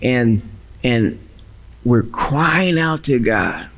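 Impassioned preacher, lively swooping pitch. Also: male voice. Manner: impassioned preaching with dramatic pauses. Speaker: pastor. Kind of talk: sermon.

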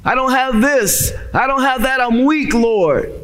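A male pastor acting out a starving, desperate man who begs God for food in a halting voice. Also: very high-pitched, a bit bright, pitched above the performer's own voice. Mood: pleading. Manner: pleading, halting.

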